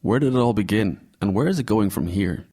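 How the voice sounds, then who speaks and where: Brief: male reporter, lowish voice, clear measured voice-over narration. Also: lively intonation, warm tone. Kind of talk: scripted narration and interview.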